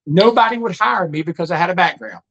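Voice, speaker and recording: A middle-aged man tells his life story in a high voice. He talks fast and plainly, with an earnest, folksy manner. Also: creaky, a bit bright, lo-fi sound. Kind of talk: casual storytelling monologue.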